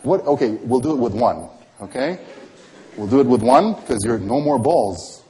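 A man runs close-up magic for a volunteer, teasing her and coaxing her with question after question. His pitch swings freely up and down. His tone is mellow and soft-edged. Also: lively intonation, moderate pace, a little hiss or hum. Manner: playful, teasing patter; coaxing, asks many questions.

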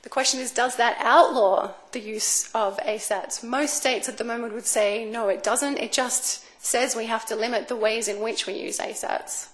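Woman, fairly high voice, lecturing on law, measured delivery with fillers. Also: steady tone. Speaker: speaker on space law. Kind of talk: academic talk. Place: lecture room.

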